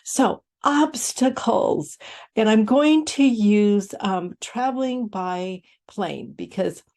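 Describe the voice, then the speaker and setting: A woman hosting a reflective self-help talk. She speaks slowly and gently, with a soft, mellow tone. Her delivery stays calm and unhurried throughout. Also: mid-range voice. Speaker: host. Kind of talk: inspirational talk.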